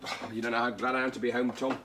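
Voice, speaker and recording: An actor playing Wilfred, a self-pitying grown son who runs a theatre, in 1970s TV sitcom acting. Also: male voice, mid-range voice, flat delivery, rapid-fire, lightly acted. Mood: worried. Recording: noisy old TV soundtrack.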